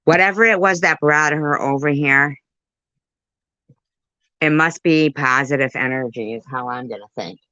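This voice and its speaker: Woman yt commentator rambling and cussing, bright edgy voice, dull dry sound. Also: low-pitched, moderate pace, pauses often, no room sound. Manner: rambling, profane, talks to viewers and pets. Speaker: commentary YouTuber. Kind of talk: casual live commentary.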